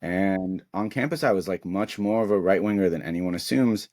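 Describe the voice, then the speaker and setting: A man talking casually on a podcast, telling a personal story with many fillers and quick mimicked quotes of other people. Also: sits low, a little mellow. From Israel. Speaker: podcast co-host. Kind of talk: casual conversation.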